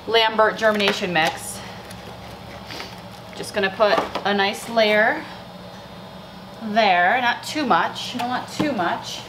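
A bubbly woman runs a casual seed-starting vlog, chatting to her viewers in a medium-pitched voice. She talks through each packet and laughs at her own slips. A faint hiss of noise sits under the recording. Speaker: flower farmer and channel host.

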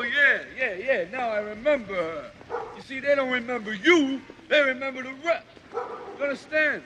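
Young street-smart boxer: slangy, preachy, high for a man; noisy outdoor film audio. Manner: plain street slang, lecturing. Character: streetwise young male boxer, gentle big-brother type. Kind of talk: film drama acting.

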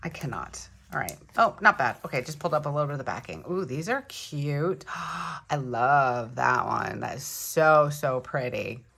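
A woman chatting casually at home as she unboxes planner supplies, excitable and gushing, thinking aloud as she goes. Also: rumbling low, moderate pace, gravelly, husky. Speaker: planner vlogger. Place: home room.

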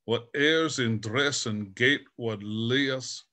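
A man reciting poetry in Scots with a put-on Scottish accent on a video call, slow and deliberate. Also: mid-range voice, sharp tone. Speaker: Grand Chaplain reciting poetry.

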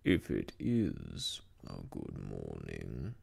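Eeyore, a man voicing a gloomy old donkey in a gravelly whispered role-play. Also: extremely low pitch, wildly swooping pitch, a little mellow, pitched below the performer's own voice, exaggerated voice. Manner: slow, mournful, self-pitying sighs.

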